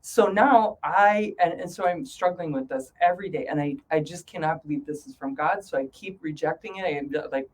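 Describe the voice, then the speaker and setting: Lively woman telling her story. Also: deep voice, a little fast, hardly any pauses, husky, rough recording. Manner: animated, acts out her own past thoughts in a raised voice. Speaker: guest. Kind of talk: candid storytelling interview.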